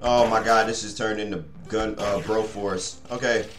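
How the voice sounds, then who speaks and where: A man's voice: lowish voice, fairly even intonation, moderate pace. Young guy swearing his way through a game, rambly and talking to viewers, echoey room with faint music under him. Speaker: gaming channel host. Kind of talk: let's play commentary.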